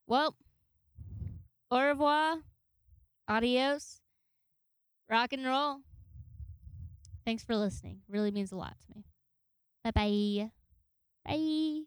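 Young woman, podcast host, casual rambling chat, giggly, slightly high, dry close sound. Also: animated, takes it slowly, long pauses, smooth, no room sound.

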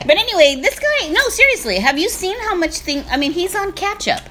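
Woman, high pitch, wide range, animated, casual podcast talk. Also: brisk, a little hiss or hum. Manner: animated, chatty, swears casually. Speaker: podcast co-host. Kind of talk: casual chat.

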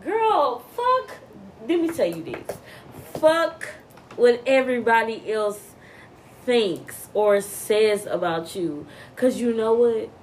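A woman's voice: fairly high pitch, sing-song, slow pace, a little hiss or hum. A woman co-hosting a podcast, giving a brash, profane pep talk in casual chat. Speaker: podcast co-host.

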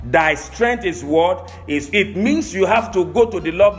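A man's voice: high-pitched, expressive, a little slow, soft background music. A male pastor preaching a sermon, emphatic, often asking the congregation if they are listening.

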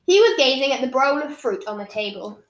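A woman reads a story aloud with expressive storytelling. Her voice sits fairly high, and the recording rings with room echo. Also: a little fast. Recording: echoey room.

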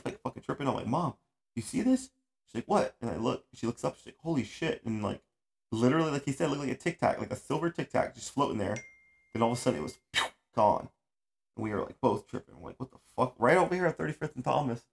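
A man's voice: on the low side, vocal fry. A man hosting a casual podcast chat, rambling and swearing freely, with frequent laughs. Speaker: podcast host. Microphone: audio-only podcast recording.

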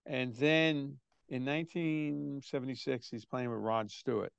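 An older man, a drummer, telling anecdotes in a relaxed, chatty way during a remote interview, sometimes doing quick voices of other people. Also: mid-range voice, creaky, clear, resonant tone, dry recording, highs cut off.

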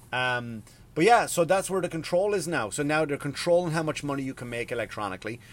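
Guy ranting on his podcast, swears a lot, all over the place. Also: medium pitch. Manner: profane, rambling, animated rant. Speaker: podcast host. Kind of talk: casual ranting monologue.

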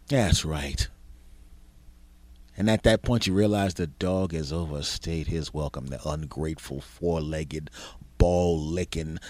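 A man's voice: low-pitched, a little mellow, dry recording. A man hosting a podcast, telling a rambling, crude comedic monologue full of exaggerated tangents. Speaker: podcast host.

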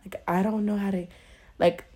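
A young woman in casual chat, speaking hesitantly with many pauses and fillers. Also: medium pitch, fairly even intonation, dark tone.

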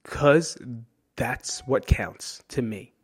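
A man with a mid-range voice speaks animatedly, drawing out his words with a breathy edge. He's a New Jersey podcast host doing a solo monologue, candid and emotional, cursing freely and finishing points with "right?"

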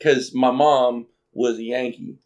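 A man's voice: medium pitch, slow. A man from Arkansas with a light Southern accent, chatting casually and laughing often as he swears and tells stories. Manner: laughing, swearing, animated storytelling. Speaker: podcast co-host. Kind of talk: casual chat.

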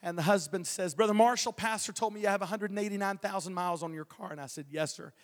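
A man's voice: sits high, quick pace. Folksy preacher man in a hall. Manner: folksy storytelling, stammering restarts, chuckles. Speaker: evangelist. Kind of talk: preaching a testimony. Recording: long hall reverb.

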